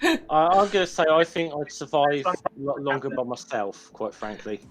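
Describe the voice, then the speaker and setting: A man's voice: a little high, lively intonation, normal speed, music in the background, rough recording. A man chatting with friends on a video call, joking around and stumbling into his points. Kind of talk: casual group chat on a video call.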